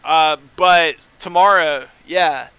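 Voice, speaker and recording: Taking it slowly, this streamer talks in a slightly high, sharp voice that comes across clean on a dry recording. He rambles chattily while gaming and reads his viewers' messages out loud.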